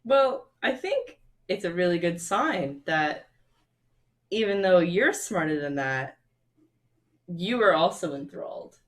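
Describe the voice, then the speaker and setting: A woman's voice: fairly low pitch, sing-song, takes it slowly, long pauses. A woman playing a tabletop game, bantering with a teasing, playful manner. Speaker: player. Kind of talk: casual tabletop role-play.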